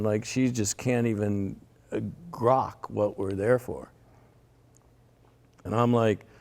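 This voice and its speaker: A man's voice: on the low side, steady tone, slow, gravelly, long pauses, darkish tone. An older man telling a long personal story in a rambling conversational way, repeating words and laughing often. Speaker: interviewee.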